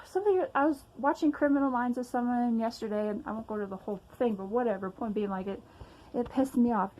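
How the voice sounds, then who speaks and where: A woman's voice: on the high side, fairly quick, darkish tone, low-quality recording. Agitated young woman venting at home. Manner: agitated, emphatic, frequent sighs and swearing. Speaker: vlogger. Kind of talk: casual personal rant to camera.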